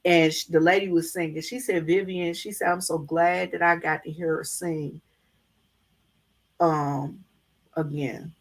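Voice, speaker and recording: Speaking a little slowly in a deep, steady voice, this middle-aged vlogger spins folksy tales for her live audience. She keeps the chat casual and addresses everyone as "y'all."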